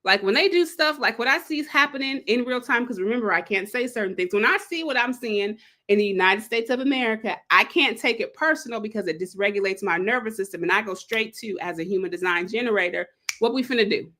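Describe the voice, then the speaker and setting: A woman hosting a live read-along, chatting casually and digressing, acting out quotes with big leaps in pitch. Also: quick pace, few pauses, sharp tone. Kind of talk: casual livestream talk.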